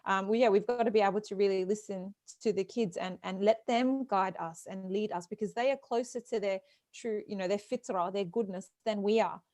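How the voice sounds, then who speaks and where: A woman's voice: mid-range voice, a little fast, a little mellow, dry recording. Woman host on a video call, emphatic and encouraging, dry close sound. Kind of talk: moderating a live online talk.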